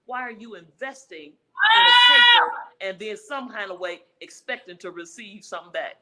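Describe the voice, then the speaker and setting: Bright, emphatic woman relationship expert. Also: mid-range voice, moderate pace, rough recording. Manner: emphatic, preacher-like, repeats key phrases. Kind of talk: conversational interview answers.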